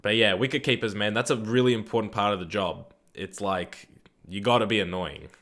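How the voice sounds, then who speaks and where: A young Australian man streams a game live, reading viewer chat aloud and answering it in a laid-back, rambling way with casual swearing. His voice is fairly low, brisk, and a bit bright.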